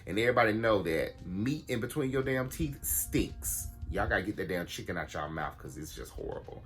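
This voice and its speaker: A man telling a story to his viewers in a casual vlog, blunt and animated, swearing freely and calling his audience y'all. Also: medium pitch, normal speed, slightly rough. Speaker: vlogger.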